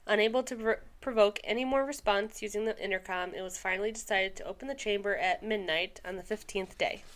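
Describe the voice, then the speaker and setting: A young woman reads a long story aloud on a podcast. Her voice sits in a mid range. She pauses often for casual asides and trips over words now and then. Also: mid-range voice, a bit bright. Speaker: podcast co-host.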